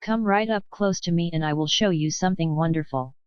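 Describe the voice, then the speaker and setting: A mysterious little old man, put on by a woman reading a storybook aloud, slow and creaky, coaxing a child closer in a low, half-whispered voice. His voice is smooth and close, with a slightly dull, dry sound. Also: darkish tone, dry recording, close to an everyday voice. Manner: whispering, wheedling.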